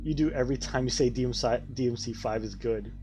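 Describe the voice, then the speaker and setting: Against background noise, a man with a medium-pitched voice talks fast during a casual gaming livestream. He rambles and swears, chatting with his viewers while he plays.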